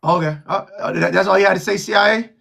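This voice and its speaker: A man hosting a live call-in show, mocking and loud, laughing between trash talk. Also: high-pitched, steady tone, quick pace, creaky.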